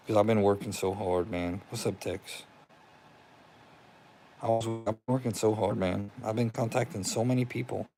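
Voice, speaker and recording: A young man talks casually to his livestream viewers from his home, greeting them one by one. His voice sits a little low, with energy that keeps building. A faint background noise hangs under the speech. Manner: excited, talks to viewers by name, relieved. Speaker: livestream host. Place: home room with TV.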